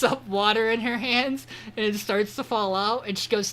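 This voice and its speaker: A man's voice: sits high, fairly even intonation, moderate pace, few pauses, bright, forceful tone. A man co-hosting a podcast, recapping an episode in a rambling, swearing, casual way. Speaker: podcast co-host.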